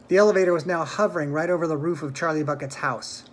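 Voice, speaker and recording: A man reading a children's book aloud at home, in a plain, unhurried way with small slips. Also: fairly high pitch. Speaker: storyteller.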